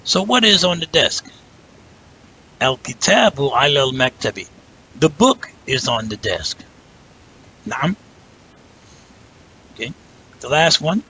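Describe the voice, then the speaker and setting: A man teaching a language lesson, explaining step by step, drawing out example words slowly and checking in with "right?" as he goes. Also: medium pitch, big pitch swings, pushed and bright, husky, rough recording. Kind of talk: patient spoken lesson.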